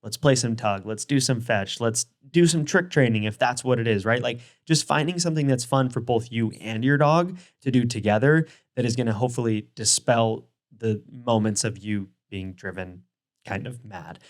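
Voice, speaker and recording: A man's voice: mid-range voice, moderate pace. Casual young man giving friendly dog advice. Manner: conversational, many fillers and restarts. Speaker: dog training video host.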